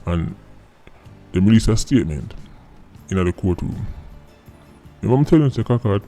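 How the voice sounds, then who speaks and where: A man's voice: on the low side, expressive, normal speed, dark tone. A man with a Jamaican accent hosting a political commentary vlog, sardonic and mocking, firing off rhetorical questions. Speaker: vlog host. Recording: faint background music.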